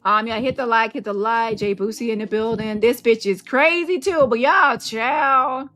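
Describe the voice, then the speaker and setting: A woman hosting a casual online commentary show, brash and animated, swearing and mocking the people she talks about. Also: a little high, normal speed, soft background music. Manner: animated and brash, swears freely, mocks voices.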